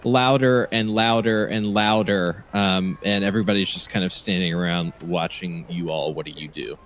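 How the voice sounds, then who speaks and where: A man's voice: low-pitched, steady tone, normal speed, fairly bright tone. A man running a tabletop game as game master, narrating the scene and often restarting his phrases.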